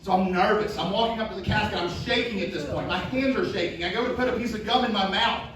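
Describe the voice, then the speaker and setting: A high-voiced male comedian telling self-deprecating family stories in a stand-up set. The club is very echoey and the mic sits some way off. An audience is clearly audible around him. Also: quick pace, distant mic, crowd noise.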